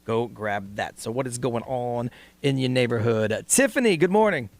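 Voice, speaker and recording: A man hosting a morning radio show, chatting with callers and telling stories in an animated, joking way. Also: mid-range voice, a little fast. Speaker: radio host.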